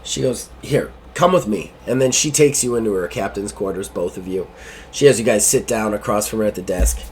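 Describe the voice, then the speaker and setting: A man's voice: on the low side, brisk, darkish tone, slight background noise. A man running a tabletop game as game master, narrating loosely with many fillers.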